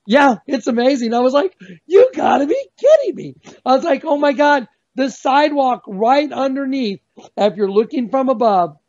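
A man giving a fervent, emphatic religious testimony as a guest on a video call, slowing down to stress key words. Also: high-pitched. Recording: dull lo-fi sound.

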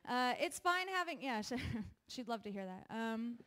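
A woman's voice: fairly high pitch, very animated, normal speed, pushed and bright, smooth. A young woman doing a stand-up comedy set on a live stage, chatty and self-deprecating, laughing between her jokes. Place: live venue with an audience.

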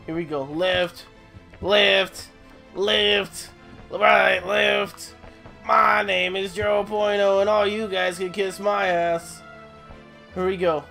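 Hoarse gravelly gamer, slow and croaky. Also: medium pitch, fairly bright tone. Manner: profane, talks to the game, grunts and cheers while playing. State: hoarse, voice giving out from sickness. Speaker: gaming channel host. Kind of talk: casual gameplay commentary.

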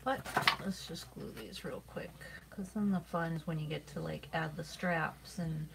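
A woman's voice: low-pitched, unhurried, creaky. A middle-aged woman hosting a craft livestream, chatting casually with viewers while she demonstrates and yawns now and then. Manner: chatty and relaxed, with frequent yawns. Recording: steady background noise.

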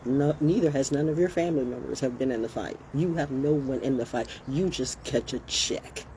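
A woman's voice: rumbling low, normal speed, mellow. A woman giving a blunt, passionate monologue, talking straight to her listeners in a casual and emphatic way. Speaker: motivational speaker. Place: outdoors, birds and passing vehicles. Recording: noisy outdoor recording.

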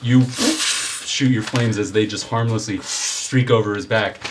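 A man's voice: on the low side, fairly even intonation, a little slow, background noise. A man running a tabletop game as game master, narrating the scene in vivid detail and often chuckling at his own descriptions.

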